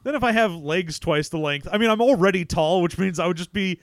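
A laid-back man co-hosting a jokey back-and-forth, casual and teasing. His voice sits somewhat high for a man, and the sound is dry and close. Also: brisk, no room sound. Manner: laid-back and joking, says "man" often. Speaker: podcast co-host. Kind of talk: casual chat.

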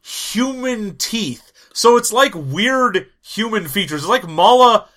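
A man's voice: high voice, expressive, measured pace, sharp tone. A man co-hosting a podcast, chatting casually about a film with dry, sardonic quips. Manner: sardonic quips, mock reactions. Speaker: podcast co-host. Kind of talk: casual chat reviewing a film.

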